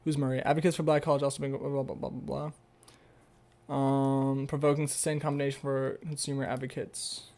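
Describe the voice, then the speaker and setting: A man's voice: mid-range voice, level tone, a little fast, darkish tone. A young man on a casual livestream, reading an article aloud with stumbles and rambling, sarcastic asides full of swearing. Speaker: streamer.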